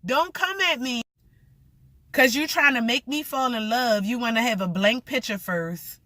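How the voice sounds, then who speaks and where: A woman's voice: fairly high pitch, unhurried, sharp tone, dry recording. A young woman rambling through a blunt, profane story in a casual vlog rant.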